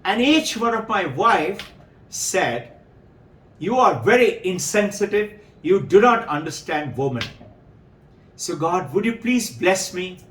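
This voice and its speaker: A man's voice: high-pitched, sing-song, takes it slowly, fairly bright tone, a little hiss or hum, heavily acted. A man voicing an exasperated husband who has married four times and begs God for help. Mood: pleading. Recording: roomy, distant mic.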